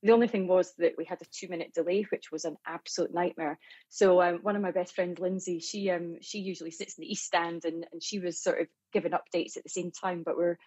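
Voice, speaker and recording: A woman's voice: fairly low pitch, fairly even intonation, a little fast, darkish tone, muffled recording. A Scottish woman from Scotland, a guest chatting cheerfully in an interview over a remote line. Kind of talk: casual interview.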